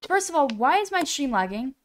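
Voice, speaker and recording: A woman's voice: high-pitched, sing-song, a little fast. A woman live-streaming a game, chatting casually to her viewers in a rambling, self-deprecating way into a computer mic.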